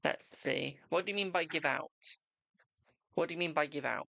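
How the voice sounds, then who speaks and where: A man's voice: fairly high pitch, moderate pace, gravelly, pushed and bright, slight background noise. A man hosting a live tarot reading stream, chatting casually with viewers and calling them darling and boo.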